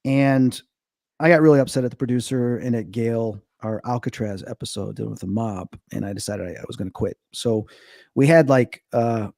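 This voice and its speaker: In a casual interview, a fiftysomething guest from Chicago who works as a medium and paranormal investigator rattles off stories with lively energy. He performs quoted lines with dramatic swings in pitch. The sound is clean studio audio with no echo.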